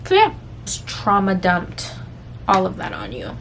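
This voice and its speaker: A woman's voice: mid-range voice, wildly swooping pitch, a little slow, gravelly, a bit bright, a little hiss or hum. A woman vlogger talking candidly and emotionally to her viewers in a rambling, confessional chat full of fillers. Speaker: book vlogger.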